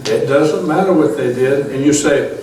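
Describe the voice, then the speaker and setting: A man's voice: mid-range voice, moderate pace, a little mellow, slight background noise. Echoey, far-off male Bible teacher preaching. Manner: conversational preaching with fillers and chuckles. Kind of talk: testimony sermon. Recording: echoey room, mic set far off.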